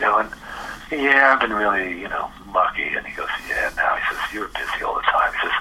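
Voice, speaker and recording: An older male musician, a guest on a radio interview, telling animated anecdotes, acting out the dialogue, swearing and laughing as he goes. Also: deep voice, fairly quick, background noise. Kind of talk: storytelling interview chat.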